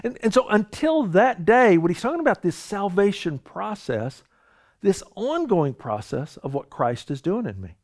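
A man's voice: high-pitched, very animated, moderate pace, a little mellow. A man preaching a sermon in an earnest, conversational way, often stumbling over and repeating words. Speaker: pastor.

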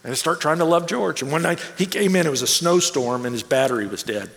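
A man preaching a sermon, telling a personal story in an animated way and acting out the people he quotes. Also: a little high, quick pace, creaky. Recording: long reverb of a large hall.

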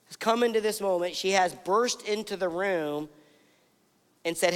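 High-voiced pastor preaching in a reverberant hall. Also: male voice, measured pace, clear, resonant tone. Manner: animated storytelling, acts out voices of the scene. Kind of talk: sermon.

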